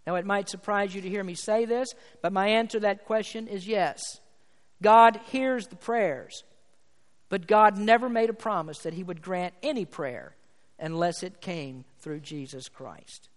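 A man's voice: high-pitched, measured pace. A man preaching a sermon as pastor, emphatic and building to fervent peaks. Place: church sanctuary. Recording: long hall reverb from church sanctuary.

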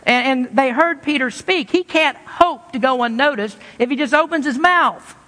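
A man's voice: very high-pitched, moderate pace, bright, forceful tone. A man from Kentucky, preaching a sermon in a folksy, conversational way with homespun asides. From Kentucky, USA. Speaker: pastor. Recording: reverberant church hall.

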